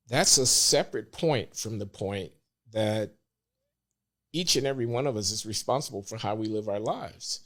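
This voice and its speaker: An older man as a podcast guest, speaking earnestly and in measured terms. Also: medium pitch. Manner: earnest, measured, grows emotional. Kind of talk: casual podcast interview.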